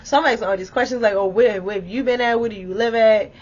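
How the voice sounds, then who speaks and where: Animated young woman telling a wild story. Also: on the high side, fast, husky. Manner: animated, exclamatory, swears freely, addresses viewers as y'all. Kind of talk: casual storytime vlog. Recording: dull lo-fi audio.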